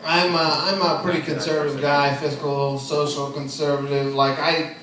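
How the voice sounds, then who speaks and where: A man in his twenties performing an open mic stand-up set, deadpan and self-deprecating, chuckling at his own jokes. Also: a little high, normal speed, recorded from a distance. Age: 20s. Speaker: stand-up comedian. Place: comedy club stage. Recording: echoey club heard from afar, crowd noise. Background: audience laughing.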